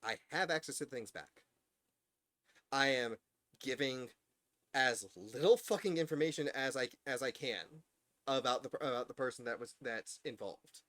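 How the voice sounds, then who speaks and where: A man's voice: mid-range voice, animated, normal speed, fairly bright tone, dry recording. A worked-up man chatting on a live stream, rambling with stammering restarts. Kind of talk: casual live-stream chat.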